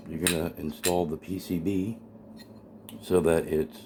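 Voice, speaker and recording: Very low-voiced eager man on a noisy recording. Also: measured pace. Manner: eager, excitable explaining. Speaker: amateur radio hobbyist building a kit. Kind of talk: hands-on kit assembly walkthrough. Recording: noisy home video recording.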